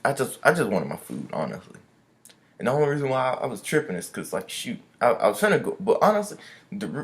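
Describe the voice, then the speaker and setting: A young man vlogging a casual storytime rant, loose and chatty, full of "I was like" and slang. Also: fairly low pitch.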